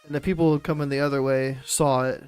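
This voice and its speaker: A man's voice: medium pitch, fairly even intonation, fairly quick, clear, resonant tone, faint music behind. A man streaming a game and chatting casually, rambling and laid-back, swearing freely and laughing often. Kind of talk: casual chat while gaming.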